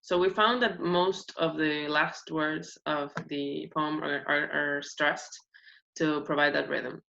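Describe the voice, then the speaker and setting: A woman with a fairly low but bright voice explains points of phonetics in a class presentation, often pausing on "uh" fillers. The recording sounds dull and lo-fi. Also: fairly even intonation, vocal fry, slight background noise.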